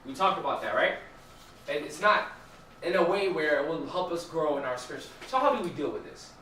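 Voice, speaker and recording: A young church teacher runs a casual Bible study in a church hall, talking conversationally and throwing questions to the group. His voice sits on the high side, a bit fast, bright and forceful with lively intonation. The distant mic captures room echo plus a little hiss or hum.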